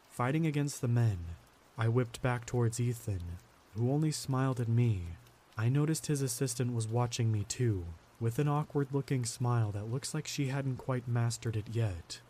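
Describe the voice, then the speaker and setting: A man narrating a first-person horror story in a steady, grim storytelling manner. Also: medium pitch, normal speed, slight background noise.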